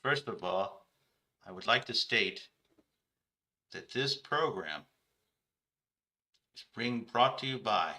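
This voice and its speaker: Gravelly, forceful male sports show host. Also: fairly low pitch, expressive, slow, long pauses. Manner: rambling, self-correcting asides. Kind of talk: comedic sports talk.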